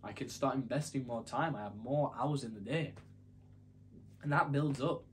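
A man's voice: mid-range voice, normal speed, a little hiss or hum. A young man telling a story to camera in a casual, rambling, self-deprecating way. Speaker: YouTuber.

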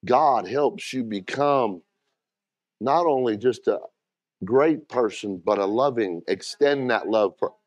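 A middle-aged pastor with a mid-range voice preaches slowly, with no room sound in the recording. He delivers his sermon plainly and directly to the congregation, calling on them to respond.

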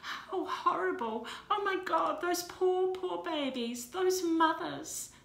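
A woman voicing a frantic young heroine, shrill in outbursts. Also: slow, creaky, fairly bright tone, exaggerated voice. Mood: distressed. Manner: pleading, rising to near-shrill outbursts. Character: distraught young woman, fierce grieving aunt. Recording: roomy echo.

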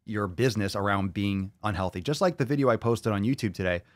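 A low-pitched man hosts a podcast, talking casually and excitably with plenty of swearing. He repeats his phrases for emphasis, and his voice is recorded dry, close and without room sound. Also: fast, dry recording. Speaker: podcast host.

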